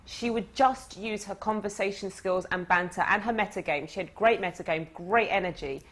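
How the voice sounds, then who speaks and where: A woman coaching her audience through a lively story, talking in an animated, conversational way. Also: mid-range voice, normal speed. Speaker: dating coach. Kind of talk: storytelling lesson.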